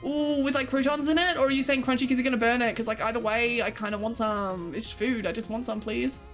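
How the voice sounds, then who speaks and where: A woman's voice: on the high side, fairly even intonation, quick pace, faint music behind. A young Australian woman streaming, chatting loosely with her chat, swearing freely and laughing often. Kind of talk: casual chat with live chat.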